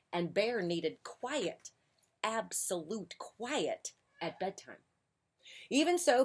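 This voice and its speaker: Woman reading a picture book aloud. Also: mid-range voice. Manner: animated, playful, drops to a hush for quiet moments. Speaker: children's story reader. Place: outdoor porch.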